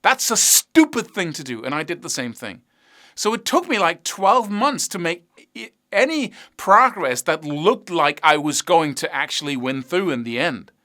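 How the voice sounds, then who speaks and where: A man teaching guitar technique, explaining with vivid analogies and rhetorical questions in an animated way. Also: on the high side, moderate pace. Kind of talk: instructional talk to camera.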